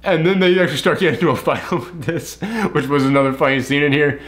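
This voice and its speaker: A man's voice: a little high, quick pace, fairly bright tone. A man co-hosting a casual movie review, rambling and laughing at his own mix-ups, sleep-deprived. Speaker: film review co-host.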